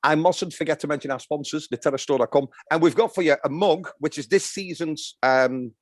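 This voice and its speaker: A man's voice: fairly high pitch, fairly quick, dry recording, clean studio sound. A man hosting a podcast, wrapping up with thanks and sponsor mentions, with many ums. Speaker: podcast host.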